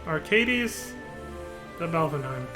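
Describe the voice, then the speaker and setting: A man's voice: fairly high pitch, expressive, takes it slowly, over music. A man streaming a video game live, chatting casually and cursing often. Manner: casual, profane, laughs often.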